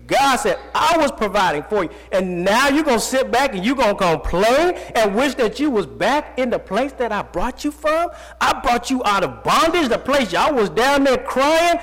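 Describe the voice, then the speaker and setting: A man preaching a sermon who reads scripture slowly, then talks to the congregation in plain, folksy speech, his voice jumping up and dropping low. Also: big pitch swings, a bit bright. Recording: long reverb of a large hall.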